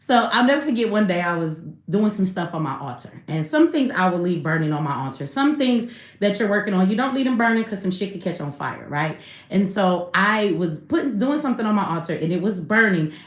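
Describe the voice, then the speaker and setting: A woman's voice: mid-range voice, sing-song, brisk. Laughing, slangy woman in an echoey room. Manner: candid, laughs often, slangy and profane. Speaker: live stream host. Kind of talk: casual live stream chat.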